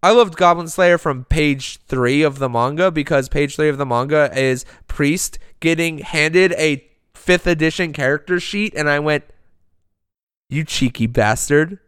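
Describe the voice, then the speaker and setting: Guy cohosting a chatty podcast, kinda high voice, super clean and smooth, gets excited and swears a lot. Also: moderate pace, no room sound, studio quality. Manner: enthusiastic, rambling, swears freely. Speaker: podcast co-host. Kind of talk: casual podcast chat.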